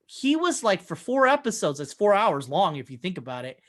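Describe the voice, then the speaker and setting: A man in casual podcast chat, telling long wandering stories full of swearing. He keeps acting out other people's lines in quick voices of his own. His pitch rises and falls a lot as he talks. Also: sing-song, a bit bright. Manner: rambling, profane storyteller who acts out quotes. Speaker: podcast co-host. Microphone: remote call mic.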